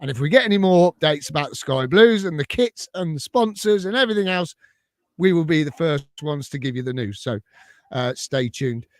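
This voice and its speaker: A man's voice: fairly high pitch, expressive, a little fast, no room sound, studio quality. A man hosting a live stream chat, upbeat and plugging events. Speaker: host of a fan channel live show.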